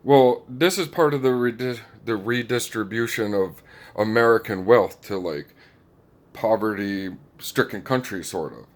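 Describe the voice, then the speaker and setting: A man delivering a rambling casual monologue, chuckling often and filling pauses with "like" and "um". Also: fairly low pitch. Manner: rambling, chuckling, many fillers. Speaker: commentator.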